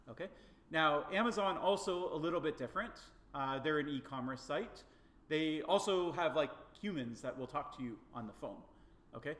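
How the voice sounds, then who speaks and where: A man's voice: on the high side, expressive, moderate pace, a bit bright. A man giving a classroom lecture, telling a story in a chatty way and acting out the quoted dialogue, with frequent checks like "okay?" and "right?". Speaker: university lecturer. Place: lecture hall. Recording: echoey lecture room.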